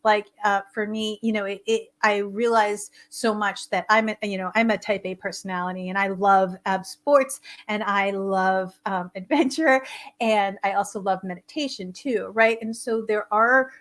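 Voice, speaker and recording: Woman host, voice going hoarse and scratchy, keen and emphatic, repeats words for stress on a live stream. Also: medium pitch, steady tone, moderate pace, a bit bright. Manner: enthusiastic, emphatic repetition. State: hoarse, losing her voice. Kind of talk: live-streamed wellness talk show.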